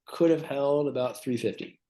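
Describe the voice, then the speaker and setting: A man's voice: mid-range voice, normal speed, warm tone. A man co-hosting a comedy podcast, rambling through invented stories with many fillers and restarts. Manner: rambling, lots of fillers, builds absurd details. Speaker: comedian co-host. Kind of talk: improvised comedy chat.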